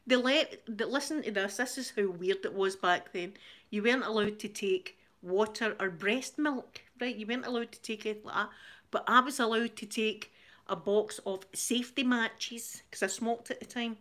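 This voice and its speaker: A woman's voice: mid-range voice, normal speed, a bit bright. Chatty Scottish woman with frequent laughter. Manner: rambling, chatty, laughs often, repeats words. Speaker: channel host. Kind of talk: casual storytelling chat.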